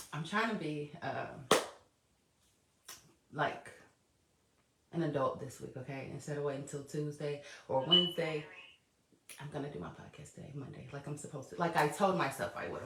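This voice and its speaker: A woman's voice: sits low, moderate pace, pauses often, very noisy. A woman hosting her own podcast alone, chatting casually and laughing often, swearing freely and talking straight to her listeners. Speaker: podcast host. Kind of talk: casual solo podcast monologue. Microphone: laptop or voice memo recording. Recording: echoey room.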